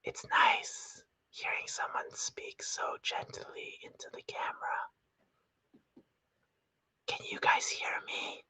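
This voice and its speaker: A man putting on a gentle breathy whisper in a whispered role-play, imitating an ASMR video. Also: slow pace, pauses often. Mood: hushed. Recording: slightly dull lo-fi sound.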